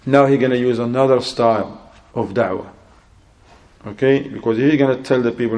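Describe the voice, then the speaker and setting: An Islamic preacher delivers a sermon in English, narrating a story and voicing both sides of a conversation in an animated, rising tone. His voice is medium-pitched and brisk, and his non-native English is sprinkled with Arabic religious terms.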